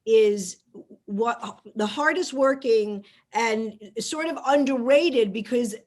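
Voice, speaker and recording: A woman host with a slightly raised pitch talks through her point in a loose, rambling way. She circles back and repeats words while she looks for the phrase she wants. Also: slow pace, a little mellow. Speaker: podcast host. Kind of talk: casual interview chat.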